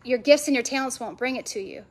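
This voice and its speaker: Speaking fast in a slightly high voice, a women's ministry speaker preaches to a live audience at an event venue. Her sermon is passionate and emphatic, built on stacked, repeated phrases.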